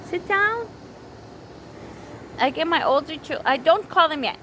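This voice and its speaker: A woman's voice: high-pitched, brisk, bright, forceful tone, slight background noise, low-quality recording. A woman in her thirties telling a story about her week at home, rambling and correcting herself, with children heard nearby. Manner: rambling, self-correcting, breaks off to scold kids. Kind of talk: casual storytelling vlog. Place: home with small children around.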